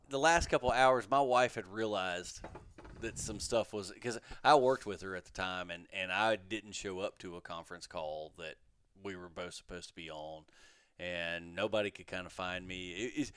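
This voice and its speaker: A man in his thirties telling a story on a podcast in casual chat, animated and acting out the voices of the people in it. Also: lowish voice, normal speed, smooth, no room sound, studio quality. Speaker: podcast guest.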